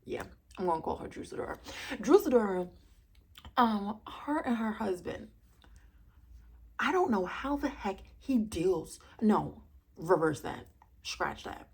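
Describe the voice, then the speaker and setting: Sassy gravelly woman reviewing reality TV. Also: mid-range voice, unhurried, pauses often. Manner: gossipy, sassy, animated asides with laughs. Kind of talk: casual review chat.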